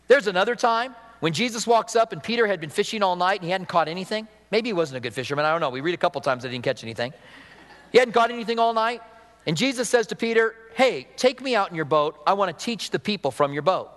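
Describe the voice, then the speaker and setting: A man's voice: high voice, a bit bright, long reverb tail. A man preaching a sermon in a conversational way, putting questions to his congregation. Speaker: pastor.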